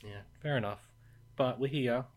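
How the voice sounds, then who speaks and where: A man's voice: medium pitch, moderate pace. A man co-hosting a casual podcast, quizzing his co-host playfully and laughing often. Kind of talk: casual chat.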